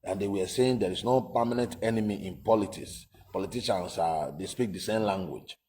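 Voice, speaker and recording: A man's voice: on the low side, a little fast, mellow, slight background noise. A man giving emphatic, casual political commentary, repeating himself and asking rhetorical questions.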